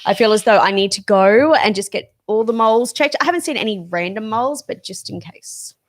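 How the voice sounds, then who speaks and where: A young woman co-hosting a casual podcast, chatty and quick to make fun of herself. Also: mid-range voice. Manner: giggly, self-mocking, chatty. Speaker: podcast co-host. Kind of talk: casual chat.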